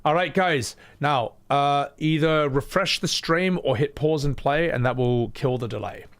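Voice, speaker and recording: A man's voice: on the high side, a little slow. A man chatting casually on a live stream, loose and swearing freely.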